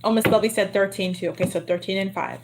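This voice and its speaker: A woman hosts a tarot reading livestream in a loose, laughing chat with her viewers. Her voice sits in a middle pitch and her throat sounds a little worn. Clear background noise runs under the home recording. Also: fairly even intonation, fast. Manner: chatty, laughs often, teasing; lowers her voice to a hush. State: throat getting sore. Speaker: tarot reader.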